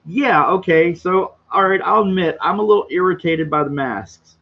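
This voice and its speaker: A man chatting on a livestream in a rambling, boisterous, self-mocking way, his voice pitched a little higher than most men's and a touch hoarse. The sound is dull and lo-fi. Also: normal speed. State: slightly hoarse throat. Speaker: livestream host reading chat. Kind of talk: casual livestream chat.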